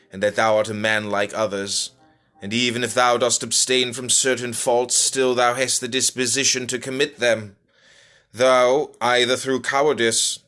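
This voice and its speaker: A man reading archaic philosophy aloud in a put-on English accent, measured and declaiming. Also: medium pitch, fairly bright tone, natural voice. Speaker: reader.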